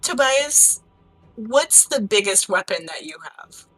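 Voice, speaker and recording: A woman voicing a frantic warrior woman, loud and outraged, demanding answers. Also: mid-range voice, animated, slow pace, faint music behind, voice pushed up. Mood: blunt.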